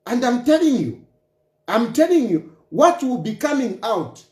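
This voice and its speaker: A man rants about politics in a high, swinging voice that leaps up and down as he presses each point. He is emphatic and taunting, repeating his lines over and over for effect. The sound is roomy, with a clear echo around him. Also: big pitch swings, measured pace, a little mellow. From Zambia. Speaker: political commentator. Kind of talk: impassioned political rant.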